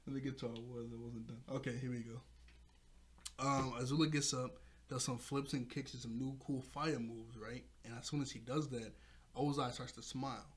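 A man's voice: mid-range voice, steady tone, moderate pace, slightly rough. A man recapping a cartoon episode in a loose, slangy way, often laughing and correcting himself. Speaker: show reviewer.

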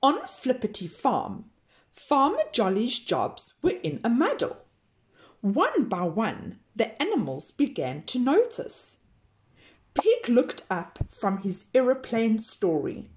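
Her voice leaning a bit high, a teacher slowly reads a kids' picture book aloud, giving the story plenty of expression.

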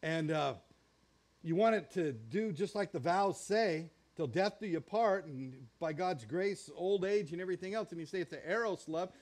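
A man's voice: high voice, normal speed, a little mellow. A man preaching a sermon as pastor, folksy and joking, acting out little quotes as he teaches.

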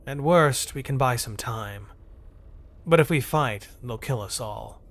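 A man's voice: medium pitch, lightly acted. A man voicing an anxious alien governor. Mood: grim. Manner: halting, fearful and hesitant. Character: anxious male alien governor, prey species.

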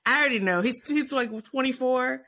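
A woman's voice: high voice, a little fast, bright, forceful tone. A woman co-hosting a podcast in casual chat, playful and enthusiastic, with a slightly stuffy nose. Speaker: podcast co-host.

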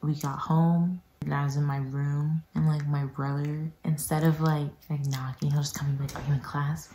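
A woman's voice: low-pitched, level tone, moderate pace, dark tone, reverberant, a little hiss or hum. A young woman from New York who is a health educator, whispering a casual chat from her bedroom at home and filling it with lots of fillers. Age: young adult. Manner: whispering, chatty, many fillers.

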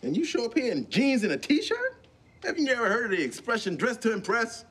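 Blustering protective dad. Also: male voice, extremely high pitch, wildly swooping pitch, brisk, fairly bright tone, husky, exaggerated voice. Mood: scolding. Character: stern blustering protective dad, middle-aged. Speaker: girlfriend's father. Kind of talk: sitcom acting.

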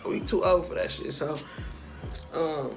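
A man's voice: on the high side, steady tone, unhurried, creaky, soft background music. A man telling a personal story in a casual vlog, slangy and profane, often turning to the listener to ask if they follow. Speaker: storytime vlogger.

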